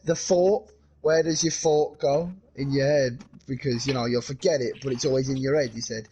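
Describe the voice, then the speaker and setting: A man's voice: mid-range voice, steady tone, normal speed, warm tone, slight background noise. A man with an everyday mid-range voice banters over a headset while gaming. He is blunt and teasing, swearing freely as he talks. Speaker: co-player on stream. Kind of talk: casual chat while gaming.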